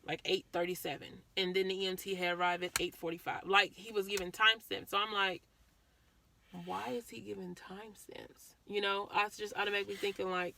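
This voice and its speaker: A woman's voice: mid-range voice, level tone, fast, few pauses, bright, forceful tone, slight background noise. A woman vlogger earnestly recounting a painful personal story, often repeating herself.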